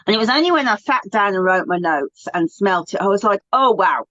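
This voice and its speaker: A woman co-hosting an aromatherapy talk, chatting with animated enthusiasm in a casual educational way. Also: medium pitch, fast, no room sound. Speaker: aromatherapy co-host. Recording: dull dry lo-fi recording.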